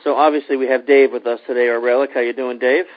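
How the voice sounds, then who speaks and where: A man's voice: medium pitch, flat delivery, fast talker. Man, podcast host, casual joking chat, slightly muffled sound. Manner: loose and joking, many fillers.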